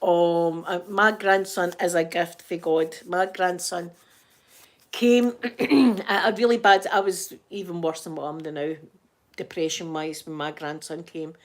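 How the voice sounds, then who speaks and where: A woman's voice: lowish voice, steady tone, a little slow. A middle-aged woman with a Scottish accent, chatting casually and rambling to her viewers as a channel host, laughing often. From Scotland.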